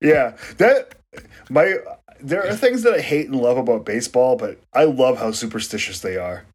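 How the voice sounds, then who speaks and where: A man co-hosts a casual sports podcast, eating while he jokes and swears about baseball and laughs often. His mid-range voice is expressive and slightly rough, at a moderate pace.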